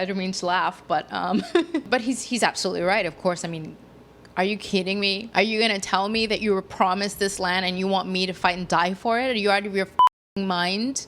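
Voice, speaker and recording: A woman's voice: medium pitch, a bit bright. A woman hosting a political commentary podcast, opinionated and fired up. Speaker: podcast host.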